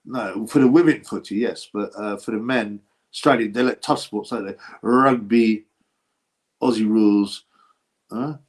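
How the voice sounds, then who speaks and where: A man's voice: on the low side, a little slow. A man hosting a boxing channel livestream, chatting loosely and answering viewer comments. He wanders between topics, asks himself questions and restarts his sentences.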